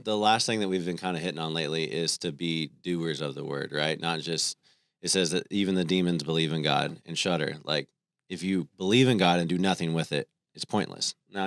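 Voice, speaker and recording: This is a man in his thirties with a deep voice, co-hosting a faith podcast and telling family stories in a relaxed, conversational way. The recording is close and dry. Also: no echo. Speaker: podcast co-host.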